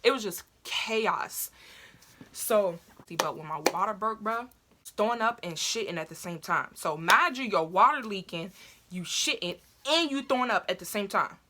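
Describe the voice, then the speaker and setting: Bright-voiced young woman telling a birth story. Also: normal speed, slight background noise. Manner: animated, profane, acts out her own past lines in high cries. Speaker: vlogger. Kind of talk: casual storytelling to camera.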